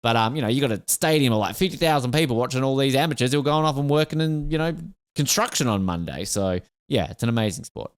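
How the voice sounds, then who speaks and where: A man's voice: medium pitch, lively intonation, fast talker, clean tone, no room sound, clean studio sound. A man from Australia co-hosting a podcast, talking in an enthusiastic, rambling way. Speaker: podcast co-host. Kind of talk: casual podcast chat.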